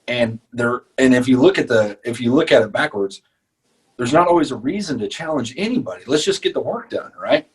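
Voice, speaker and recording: A man with a slightly husky, breathy voice talks through sales advice on a podcast. He speaks casually, leaning on his points with rising force when he gets going. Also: medium pitch, low-quality recording. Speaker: podcast co-host.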